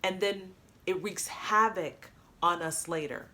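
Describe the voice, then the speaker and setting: An upbeat woman coach talks straight to her audience in a lively, friendly way. She often acts out example phrases to show how they should sound. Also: on the low side, takes it slowly. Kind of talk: coaching talk to camera.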